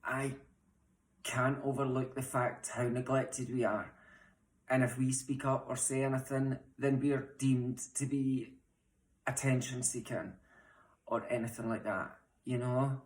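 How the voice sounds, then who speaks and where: A woman's voice: extremely low pitch, steady tone, a little slow, a little mellow. Young Scottish trans woman, impassioned direct-to-camera plea, blunt, echoey home room. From Scotland. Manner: impassioned, frustrated, speaks bluntly with swearing. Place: home, room mid-move. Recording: roomy echo.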